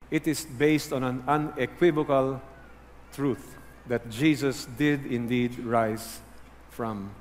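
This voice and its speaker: Earnest pastor preaching in a reverberant hall. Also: male voice, medium pitch, a little hiss or hum. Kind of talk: sermon.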